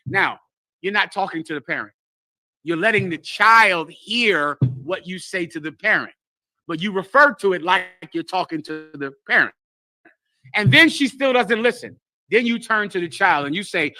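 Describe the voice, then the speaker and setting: A man teaches a congregation in a forceful, preachy sermon style. His voice sits high and bright. The sound is dry, with little room around it. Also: animated, moderate pace, dry recording. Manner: emphatic, blunt, preachy. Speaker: teacher leading a congregation class.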